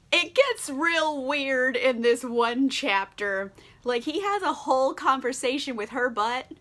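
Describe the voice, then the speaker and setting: A woman's voice: high voice, sharp tone. A tipsy woman vlogger recapping a book in a casual, brash, profane and giggly way. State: tipsy from wine.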